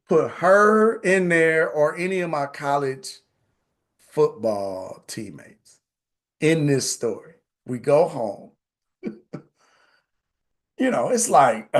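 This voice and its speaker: A man in his forties hosting a live online session, telling personal stories in a casual, animated way and often asking "right?". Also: fairly high pitch. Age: 40s. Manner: animated, repeats phrases, says "right?" often. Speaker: host.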